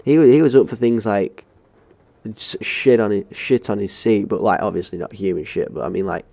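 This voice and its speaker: A young gaming channel host from England tells a school story over gameplay in a low, gravelly voice with a dark, mellow tone. He talks briskly, casually and ramblingly, swearing as he goes.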